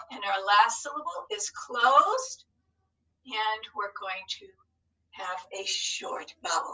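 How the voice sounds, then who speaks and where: A woman's voice: on the high side, pushed and bright, far from the mic, rough recording. A woman teacher giving a recorded spelling lesson to young students in an upbeat, encouraging way. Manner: upbeat, encouraging, slow and deliberate.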